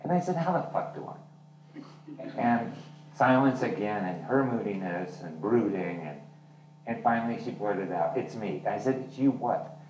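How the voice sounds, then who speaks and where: A man's voice: lowish voice, normal speed, darkish tone. A male author and journalist chatting candidly about his novel, acting out the dialogue as he tells the story. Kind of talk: casual talk about his novel at a reading. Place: literary venue hall. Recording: roomy hall from far off, faint noise.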